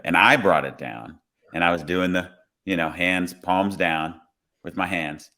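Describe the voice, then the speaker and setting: A man with a fairly low voice tells a story from his job in an easygoing, conversational way. He slips into acting out his own quoted words as he goes. He sounds like a police officer talking on a podcast. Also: measured pace, bright, forceful tone.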